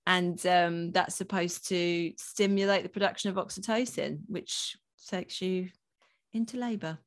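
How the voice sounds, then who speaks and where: A woman's voice: fairly low pitch, steady tone, a little slow. A woman in her thirties co-hosting a podcast, rambling chattily and laughing often. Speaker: podcast co-host. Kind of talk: casual chat.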